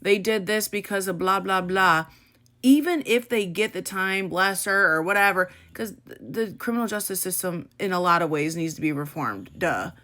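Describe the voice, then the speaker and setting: A woman's voice: fairly low pitch, lively intonation, normal speed, bright, forceful tone. A young woman from the Midwest talking candidly in a personal vlog, blunt and emotional, swearing freely and using casual slang. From American Midwest. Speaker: content creator.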